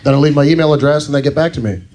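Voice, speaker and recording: A man's voice: fairly high pitch, racing, a little mellow. Crude incredulous male stand-up comic. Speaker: stand-up comedian. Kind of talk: stand-up set. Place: comedy club stage.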